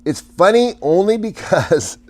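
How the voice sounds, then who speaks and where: A man's voice: high-pitched, lively intonation, measured pace. A man hosting a casual livestream, chatting with viewers in a rambling way, often stammering, restarting and laughing.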